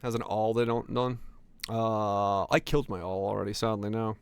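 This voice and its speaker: A man's voice: on the low side, steady tone, normal speed, clean tone. A young man from Finland, chatting casually with his viewers while streaming a game, rambling with lots of restarts and fillers.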